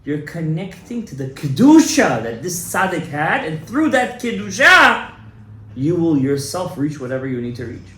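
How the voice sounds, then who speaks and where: A fervent rabbi gives an animated Torah class to a live audience, speaking emphatically and exhorting, building to loud, fervent urging. His male voice is a little high with big pitch swings at a moderate pace; the room is echoey with faint background noise.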